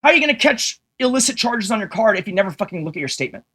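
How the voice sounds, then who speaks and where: A man's voice: high-pitched, sing-song, racing, sharp tone. A man ranting to his livestream viewers, swearing heavily and firing rhetorical questions at them in an exasperated, combative way. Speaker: streamer.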